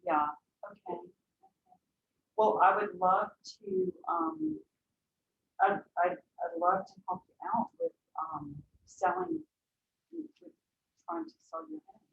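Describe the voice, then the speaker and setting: A woman's voice: medium pitch, big pitch swings, slow, vocal fry, pauses often, roomy sound, recorded from a distance, narrow, tinny audio, slight background noise. A woman trainee practicing a sales call, hesitant, with many fillers and restarts. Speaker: real estate agent trainee.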